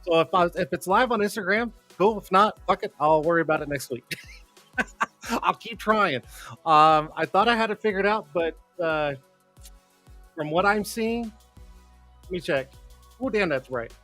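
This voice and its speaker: A man with a slightly high voice hosts a live stream in loose, casual chat. He rambles, swears freely and laughs often while faint music plays in the background. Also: expressive, normal speed, pauses often, sharp tone. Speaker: host of a live streamed show.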